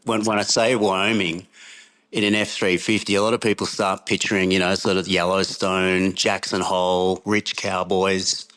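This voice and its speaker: This is a relaxed Australian man in middle age, telling a long anecdote as a podcast guest. His voice sits on the low side, and he breaks into laughs often as he wanders through the tale. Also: moderate pace. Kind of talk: casual anecdotal storytelling.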